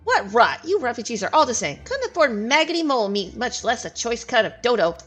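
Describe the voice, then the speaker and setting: A woman's voice: on the high side, very animated, fairly quick, a bit bright, soft background music. A woman voicing a bullying, greedy male merchant in a game scene, sneering and threatening.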